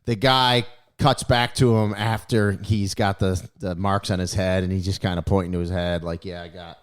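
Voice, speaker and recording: A man co-hosts a podcast in a low voice with flat delivery, a moderate pace, and a clean tone. He chats casually and tells stories in a laid-back, chuckling manner.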